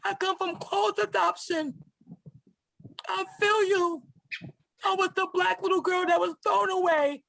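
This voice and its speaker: A woman's voice: extremely high pitch, fairly even intonation, a little slow, creaky, long pauses, no echo, low-quality recording. A woman in her forties, an advocate and organizer, speaking with fiery passion through tears. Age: 40s. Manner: fiery, impassioned, shouting out. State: crying. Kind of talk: emotional podcast testimony.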